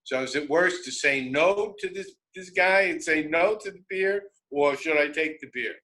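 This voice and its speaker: A man telling a road story on a radio show, animated and self-interrupting, often laughing. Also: a little high, moderate pace, a little hiss or hum, low-quality recording. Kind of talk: casual storytelling.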